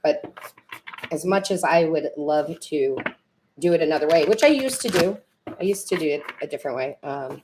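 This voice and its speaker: A woman's voice: sits low, big pitch swings, moderate pace, noisy background. A woman tarot reader and medium chatting with viewers on a live stream, rambling and correcting herself, teary and emotional.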